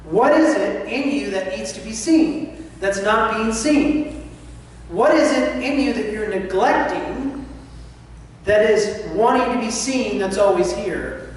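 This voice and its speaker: A man's voice: sits high, slow. A man giving an impassioned spiritual talk, sometimes acting out anxious inner voices. He is recorded from a distance in a large church hall. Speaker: spiritual speaker. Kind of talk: sermon. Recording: distant mic in a reverberant hall with faint noise.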